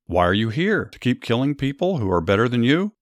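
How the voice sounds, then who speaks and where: A man voicing a defiant, scornful queen in a read-aloud Bible story, lifting his voice a little higher. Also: sing-song, a little fast, no echo, studio quality, natural voice.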